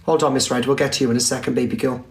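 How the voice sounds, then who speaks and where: A man's voice: steady tone, rapid-fire, gravelly. Theatrical man live streaming. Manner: teasing and theatrical, swinging between shouts and low mutters. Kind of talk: live stream chat reading. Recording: echoey room with faint music.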